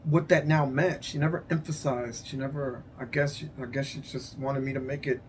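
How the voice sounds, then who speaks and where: A man telling a personal story as unscripted testimony, emotional and halting, repeating his phrases and sighing. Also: medium pitch, steady tone, a little hiss or hum. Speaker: vlogger sharing a personal story.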